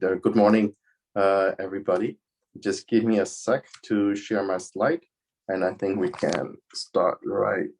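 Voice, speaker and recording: A man presenting slides over a video call, speaking haltingly with frequent fillers. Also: fairly low pitch, a little mellow, husky. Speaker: invited expert speaker. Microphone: computer microphone on a video call.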